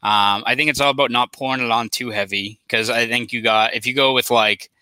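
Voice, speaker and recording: A young sports reporter from South Boston, USA, with a Boston accent, chats casually as a podcast guest, rambling and using "like" constantly. His mid-range voice is a little fast, fairly even in intonation, pushed and bright, with a clear, resonant tone. There's no echo, but the audio quality is poor.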